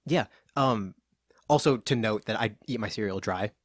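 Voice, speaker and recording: A man's voice: lowish voice, moderate pace, dry recording, studio quality. A young man co-hosting a casual podcast chat, laid-back, swearing often and restarting his sentences. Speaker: podcast co-host.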